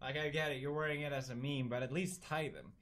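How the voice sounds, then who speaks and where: A man with a Swedish accent hosting a reaction video, joking around and bursting into loud excited yelps. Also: mid-range voice, quick pace, slight background noise. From Sweden. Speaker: host.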